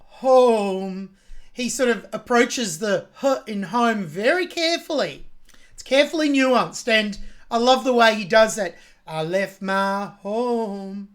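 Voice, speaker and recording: A woman with an Australian accent hosting a song reaction, talking through a singer's technique with open admiration. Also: mid-range voice. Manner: admiring, analytical about vocal technique. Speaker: music reaction host.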